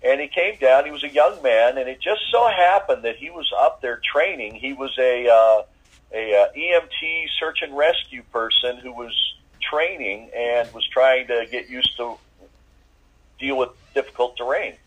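A man giving a personal faith testimony as an interviewee, talking in a halting way with many fillers and restarts. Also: mid-range voice, a bit bright, husky, rough recording.

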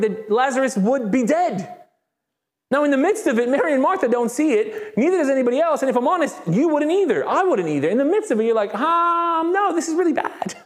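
A man preaching a sermon in a lively, conversational way. He acts out quoted voices and calls on the congregation to answer him. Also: very high voice. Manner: asks the congregation for call-and-response. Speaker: pastor. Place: church service.

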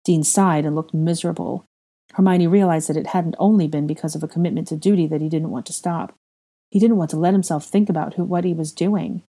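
A woman with a low, soft, mellow voice narrates a heavy story. She reads the plain passages evenly and jumps up in pitch and volume when characters shout. Her tone stays warm and unhurried between the outbursts. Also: steady tone. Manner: emotional, raises voice sharply for dialogue. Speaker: fan fiction reader.

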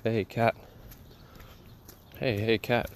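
A flustered cat owner, embarrassed and hushing, scolding his pet with repeated quick calls, as a man acts him out. The delivery is slow, with a little noise behind it. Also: mid-range voice, little pitch movement. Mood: mock scolding. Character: flustered male cat owner hosting guests.

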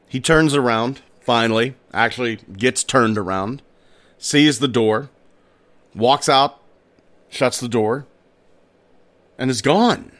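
A man's voice: mid-range voice, slow, pauses often, a bit bright. A man hosting a strange-stories podcast, telling a tale in a casual way with personal asides. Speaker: podcast host. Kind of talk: casual storytelling narration.

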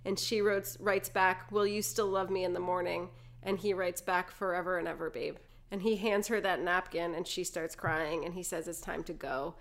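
A woman's voice: fairly low pitch, steady tone, moderate pace. A woman co-hosting a casual chat, retelling a film scene by scene and laughing often. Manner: laughs often, acts out quoted lines. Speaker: podcast co-host. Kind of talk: casual movie recap chat.

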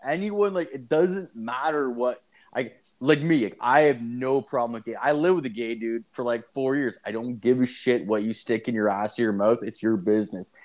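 A man's voice: mid-range voice, normal speed. Man, 30s, casual storyteller; loose, cursing, filler-heavy delivery. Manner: profane, rambling, animated storytelling with heavy filler. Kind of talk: casual chat.

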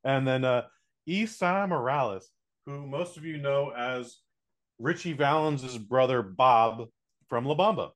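A man's voice: medium pitch, unhurried. A man co-hosting a podcast, reviewing a movie in rambling, joking, profane casual chat.

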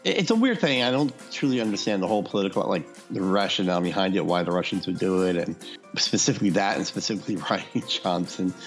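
Low-voiced rambling podcast co-host, male. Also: quick pace, faint music behind. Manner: rambling, chatty, with frequent fillers. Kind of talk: casual podcast chat.

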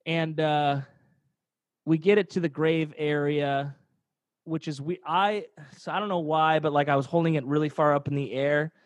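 A man's voice: on the high side, steady tone, moderate pace, no echo. A young man casually telling a rambling, profane story, laughing along the way. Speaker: podcast storyteller.

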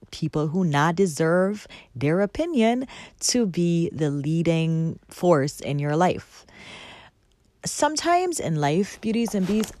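A woman giving a casual motivational talk, animated and emphatic, repeating words for effect. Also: low-pitched, dry recording. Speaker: motivational vlogger.

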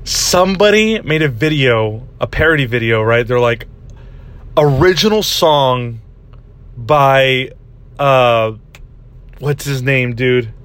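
A man's voice: mid-range voice, slow, pauses often, a bit bright, clear, resonant tone. A young man telling a rambling story in a casual podcast chat, laughing often and saying "dude" a lot. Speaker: podcast host.

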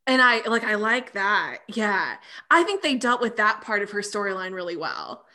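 A woman's voice: medium pitch, lively intonation, normal speed, sharp tone. A woman co-hosting a podcast in casual chat, thoughtful and a little hesitant. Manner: thoughtful, hesitant, with fillers and restarts. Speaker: podcast co-host.

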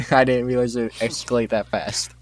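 A man's voice: medium pitch, fairly even intonation, normal speed, a little hiss or hum. A teenage boy hosting a casual chat, reading out on-this-day facts, tripping over names and tossing in joking asides. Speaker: podcast host.

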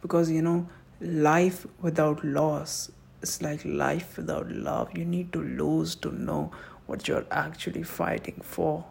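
Gravelly, impassioned man. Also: on the high side, steady tone, takes it slowly. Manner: intense and emotional, swings from hushed to shouting, swears. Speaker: speaker giving a monologue on love. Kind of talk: impassioned spoken monologue.

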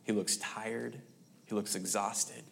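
A man's voice: on the low side, fairly even intonation, creaky, slight background noise. Man preaching a story-driven sermon. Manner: storytelling, with pauses and restarts, dropping to near-whispers.

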